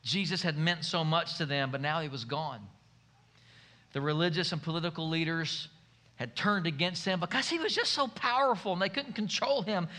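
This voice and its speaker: A man preaching a sermon in a church, telling the story in a folksy, joking way. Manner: folksy, humorous storytelling with lively swings in pitch. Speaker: pastor.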